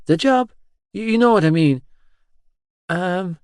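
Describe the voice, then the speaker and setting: A shy teenage girl in an audiobook, her voice pitched up and asking nervous, halting questions, as a male narrator puts her on. She speaks slowly, and the recording is close and dry. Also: expressive, smooth, no echo. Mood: nervous, curious. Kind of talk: audiobook dialogue.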